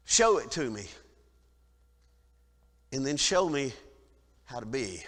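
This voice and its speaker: A minister preaching a sermon, swinging from loud, dramatic declaring to quiet, reflective lines. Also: male voice, medium pitch, very animated, slow pace, long pauses. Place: church sanctuary. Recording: long church reverb.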